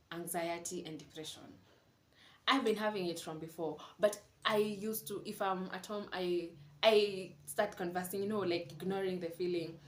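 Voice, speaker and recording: A young woman, talking candidly and confidingly to camera in a casual vlog from her home. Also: medium pitch. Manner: candid, confiding, mixes in Swahili words. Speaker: vlogger. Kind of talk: casual reflective monologue. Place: room at home. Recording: echoey room with faint ambient noise.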